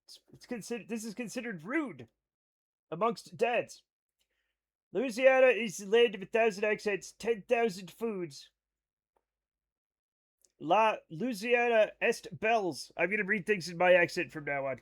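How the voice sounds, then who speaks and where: A man's voice: sits high, moderate pace, a bit bright. An American man in his thirties streaming a game live, joking casually and reading chat aloud. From United States. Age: 30s. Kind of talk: casual chat while gaming.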